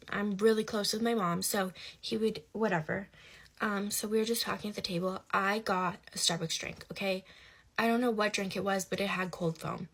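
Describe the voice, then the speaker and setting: A woman's voice: mid-range voice, a bit bright. A young woman telling a personal story in casual, emphatic chat, with rhetorical asides. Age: young adult.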